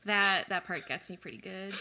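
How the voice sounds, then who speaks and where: A woman in her thirties co-hosting a podcast, chatting in a relaxed, reflective way with plenty of fillers. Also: mid-range voice, moderate pace, noisy background. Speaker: podcast co-host. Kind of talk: casual chat.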